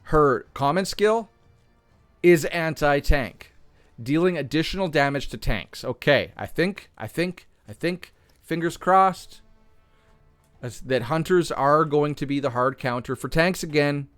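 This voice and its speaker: A man with a slightly hoarse voice reading game patch notes aloud and reasoning through them, often correcting himself mid-sentence. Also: on the high side, unhurried, no echo, faint music behind. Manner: thinks aloud, restarts and self-corrects. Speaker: gaming content creator.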